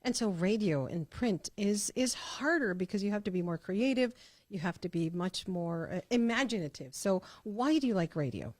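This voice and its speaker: A woman hosting a podcast in a casual interview chat, lively and quick to laugh. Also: medium pitch, no room sound. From El Paso, Texas. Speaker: podcast host.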